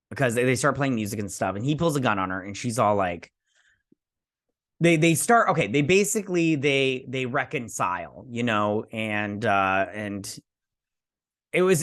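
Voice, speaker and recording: A man's voice: on the low side, a bit bright, dry recording, clean studio sound. Rambling man recapping an episode. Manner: rambling, acting out quotes in passing. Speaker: show recapper.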